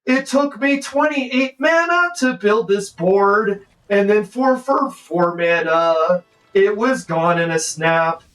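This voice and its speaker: A man's voice: high voice, slow, a bit bright, far from the mic, soft background music. A man streaming a card game live, ranting and swearing in profane trash talk at his opponent. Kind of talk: live gameplay commentary.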